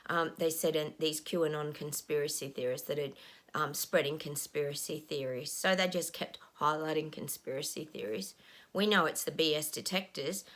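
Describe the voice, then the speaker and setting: A middle-aged woman, a psychic talking casually to her viewers, frustrated and ranting, sometimes dropping to a whisper. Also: sits low. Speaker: psychic channel host.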